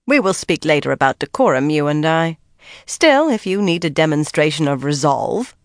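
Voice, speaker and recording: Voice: mid-range voice, very animated, normal speed, no echo, clean studio sound. A narrator voicing a prim woman on a council who speaks in a tight, stiff voice.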